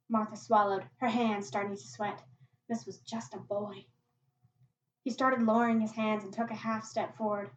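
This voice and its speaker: A woman podcast host reading a short story aloud in a steady, quiet narrating voice. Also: medium pitch, moderate pace, a little hiss or hum. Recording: echoey, distant, muffled home recording.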